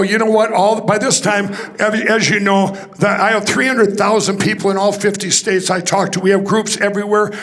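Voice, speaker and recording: A man's voice: high-pitched, creaky, a bit bright. A man speaking to a conference audience, telling a rambling story with restarts and acting out the dialogue. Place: conference hall stage.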